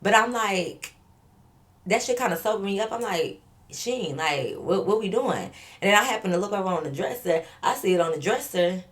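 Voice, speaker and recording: A woman telling a storytime to her viewers, animated and profane, acting out both sides of a conversation. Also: mid-range voice, moderate pace. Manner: profane, addresses viewers as y'all. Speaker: vlogger.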